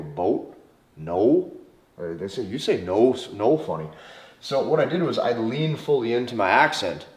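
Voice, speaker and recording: North dakota guy giving a dating lesson, keeps saying okay, pushy and emphatic, roomy echo. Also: mid-range voice. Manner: emphatic, repeats key phrases, frequent "okay?". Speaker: dating coach. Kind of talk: instructional talk to camera. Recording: echoey room.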